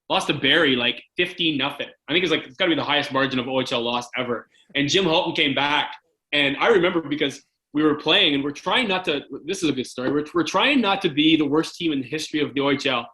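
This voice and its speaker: A man's voice: fairly high pitch, fast. Chatty Canadian-raised man, echoey room. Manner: animated anecdote-telling, filler-heavy. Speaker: former hockey goalie, podcast guest. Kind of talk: casual storytelling interview.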